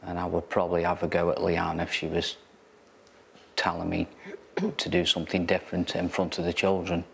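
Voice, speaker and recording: A father speaks with a very low, gravelly voice. He answers slowly and hesitantly, low-key and flat in tone. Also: a little hiss or hum. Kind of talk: conversation with a host.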